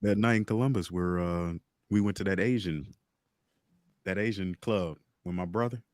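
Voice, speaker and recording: A man's voice: deep voice, moderate pace, darkish tone, no room sound, clean studio sound. A man co-hosting a podcast, telling a profane anecdote in casual chat. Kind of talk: casual storytelling.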